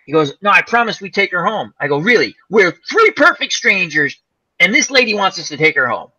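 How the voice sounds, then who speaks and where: A man with a husky, bright voice tells a barroom story in a casual chat. His pitch leaps around as he acts out the people in it, then drops low for the asides. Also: fairly quick, poor audio. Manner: animated, laughing storyteller, acts out quoted voices. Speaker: host.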